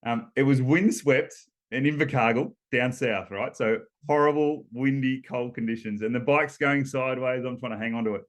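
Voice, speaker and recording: An Australian man in his fifties sits in as an interview guest, telling stories at an easy, middling pitch. He rambles warmly through fillers and restarts, breaking into short laughs between points. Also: fairly even intonation, normal speed. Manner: chatty storyteller, laughs between points, many ums and restarts. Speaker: guest, former Olympic rower. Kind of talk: casual storytelling interview.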